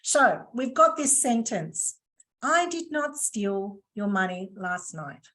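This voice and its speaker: A woman's voice: medium pitch, lively intonation, takes it slowly, fairly bright tone. A woman presenting a live online training session over a video call, chatty and playful with teasing asides. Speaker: workshop presenter.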